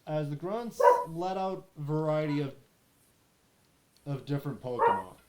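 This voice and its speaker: A male game master narrating a tabletop role-play session at a slow, deliberate pace. His voice sits a little high for a man, and he often stops to restart his sentences. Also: animated, a little mellow. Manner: halting, restarts phrases while narrating.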